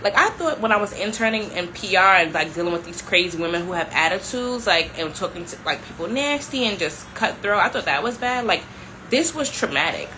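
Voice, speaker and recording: A young adult woman telling a story to her viewers in a casual, animated way, filling her talk with "like" and calling them y'all. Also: lowish voice, noisy background. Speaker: vlogger.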